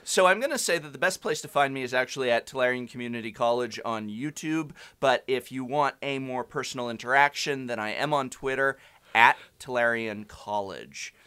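A man co-hosting a podcast in relaxed chat. His voice is bright and clean. He delivers jokes in a dry, mock-formal way and gives firm opinions. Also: medium pitch, a little fast, clear, resonant tone. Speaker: podcast co-host, card game reviewer.

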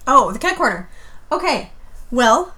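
A woman co-hosting a podcast in casual chat, matter-of-fact and gently correcting her partner. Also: high voice, big pitch swings, a little slow. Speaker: podcast co-host.

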